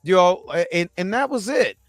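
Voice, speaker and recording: Animated high-voiced man reviewing TV. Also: normal speed, dry recording, studio quality, soft background music. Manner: animated, loose and rambling, acts out characters' lines, laughs often. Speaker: TV review host. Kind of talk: casual video review with reenacted quotes.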